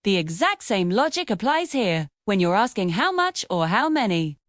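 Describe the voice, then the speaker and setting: A woman narrating a scripted English lesson, explaining grammar clearly and patiently with sing-song emphasis. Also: mid-range voice, sing-song, normal speed, no echo, studio quality. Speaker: English teacher.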